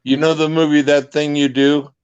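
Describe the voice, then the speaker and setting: A man's voice: fairly high pitch, little pitch movement, normal speed, darkish tone, clean tone, no echo, lo-fi sound. A man, a guest on a casual livestream panel, chatting emphatically. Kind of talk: casual chat.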